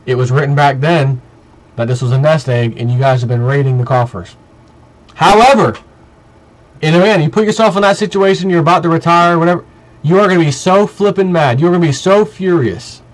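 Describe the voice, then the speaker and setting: A man's voice: on the high side, fairly quick, rough recording. A man vlogging in a heated monologue, ranting emphatically and piling up repetitive lists.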